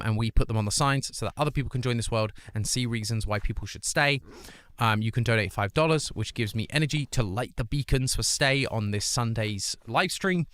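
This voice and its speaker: A man's voice: mid-range voice, fairly bright tone. A British man hosting a charity livestream, chatting casually and upbeat while reading out and greeting his viewers. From Britain. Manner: upbeat, reads chat aloud and greets viewers. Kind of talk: casual live-stream chat. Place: home streaming room.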